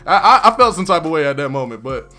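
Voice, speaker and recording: A man casually recapping a TV episode in an excitable, chatty way with lots of fillers. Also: fairly high pitch, fast, faint music behind.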